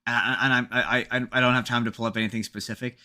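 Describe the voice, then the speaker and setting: A man with a bright, forceful voice co-hosts a casual podcast chat. He rambles through a movie recap and restarts his sentences often. His pitch sits in the middle range. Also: little pitch movement, fast talker. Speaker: podcast co-host.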